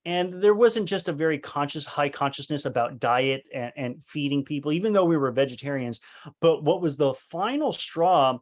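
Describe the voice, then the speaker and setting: A man's voice: a little high, expressive, normal speed. A man giving a leadership training talk, telling a personal story earnestly, with many restarts and acted-out quotes. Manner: earnest, full of restarts, acts out quoted voices.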